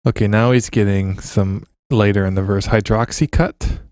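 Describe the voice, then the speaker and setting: A man co-hosting a podcast, joking around in casual chat and reading lyrics out slowly. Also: on the low side, fairly even intonation, darkish tone, smooth, dry recording, clean studio sound. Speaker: podcast co-host.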